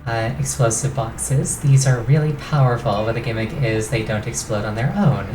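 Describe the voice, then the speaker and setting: A woman's voice: a bass voice, normal speed. A tired woman streamer giving gameplay commentary and explaining game mechanics in detail. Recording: roomy echo with game music.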